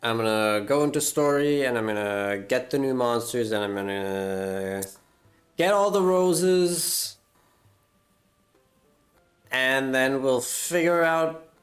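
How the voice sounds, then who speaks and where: Unhurried guy streamer, rambling live chat. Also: medium pitch. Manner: rambling, self-mocking jokes, drawn-out fillers. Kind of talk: casual live-stream chat while gaming.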